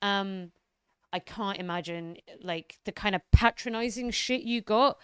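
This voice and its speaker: A woman's voice: mid-range voice, measured pace, fairly bright tone, smooth, no echo, studio quality. A young woman streamer ranting animatedly about politics, swearing freely and talking to her chat by name. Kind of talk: casual political rant on stream.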